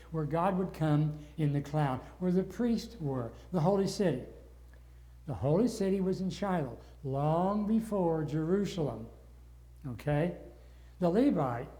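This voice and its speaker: Older male Bible study teacher, mellow and slightly high voice, earnest, gets wound up. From northern United States.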